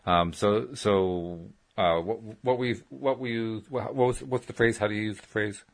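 A man interviewer with a somewhat low voice, chatting casually. He hesitates often and gropes for his words. He keeps circling back to restart his thoughts as he talks. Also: measured pace, gravelly. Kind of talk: casual chat.

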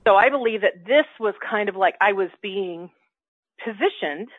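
A woman telling a personal story in casual spiritual chat, acting out her inner dialogue with animated quoted voices. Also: medium pitch, normal speed, no echo. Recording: dry, tinny phone-like line.

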